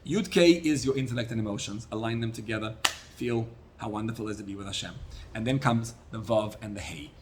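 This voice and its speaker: A man, a rabbi, giving a Torah class sermon, teaching in an animated way with Hebrew and Yiddish terms. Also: on the low side, fast talker, background noise.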